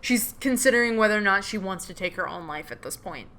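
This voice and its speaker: A woman's voice: mid-range voice, animated, fast, pushed and bright, slight background noise. A young woman commenting casually while playing her own game, hesitant and a little nervous.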